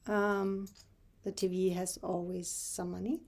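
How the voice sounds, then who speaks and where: Woman telling a halting faith story. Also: mid-range voice, flat delivery, gravelly, a little mellow. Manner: halting, with many fillers and restarts; earnest, emotional storytelling. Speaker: Christian vlogger. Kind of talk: personal faith testimony.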